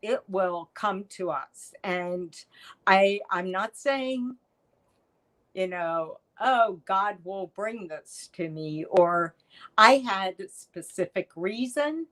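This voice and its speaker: A middle-aged woman, a podcast guest, telling a personal story in an animated way and acting out the voices of the people in it. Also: mid-range voice, slow, rough recording. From United States. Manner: animated storyteller, acts out quoted lines. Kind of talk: storytelling interview chat.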